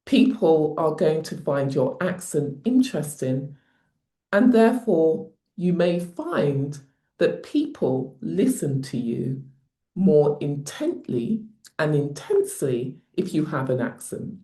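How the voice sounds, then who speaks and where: A woman with a non-posh British accent, an advocacy trainer giving measured, emphatic advice to camera. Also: low-pitched, big pitch swings, dark tone, echoey room. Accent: non-posh British English. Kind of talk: teaching talk to camera.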